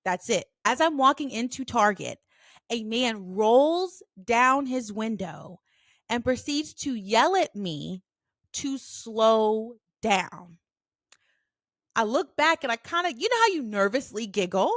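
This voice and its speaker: A woman in her thirties hosting a casual solo podcast, telling stories in an animated, blunt way with plenty of swearing. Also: a little high, a little slow, no room sound, clean studio sound. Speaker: podcast host.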